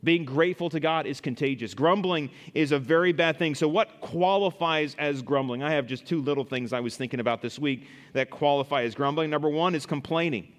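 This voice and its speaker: A man's voice: fairly high pitch, a little fast, hardly any pauses, in a large hall. A man preaching a sermon as a pastor, reading Bible verses and giving everyday examples.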